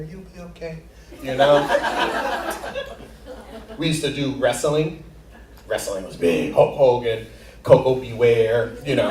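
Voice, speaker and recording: A man on a comedy stage tells a rambling story, often laughing at his own jokes as he acts out the people in it. His voice sits a bit high for a man. The sound is roomy and comes from some way off the mic. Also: darkish tone, recorded from a distance. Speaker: stand-up comedian. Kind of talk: stand-up storytelling.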